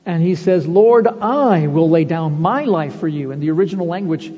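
A man's voice: on the high side, moderate pace, hardly any pauses, mellow, breathy edge. A man preaching a sermon with emphasis. He asks the listeners questions and quotes scripture. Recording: dull reverberant hall recording.

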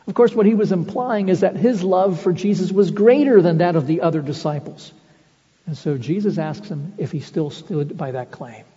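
Husky, dark-voiced male preacher. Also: a little high, moderate pace. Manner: emphatic, rhetorical questions, quotes scripture. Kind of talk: sermon. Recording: dull reverberant hall recording.

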